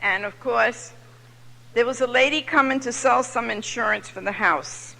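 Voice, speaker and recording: Older New woman, seventies, high bright gravelly voice, lively storyteller, reverberant hall. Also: moderate pace. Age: 70s. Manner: lively storyteller with comic timing. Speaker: recovery meeting speaker. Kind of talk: personal testimony to a live audience. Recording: echoey hall from far off.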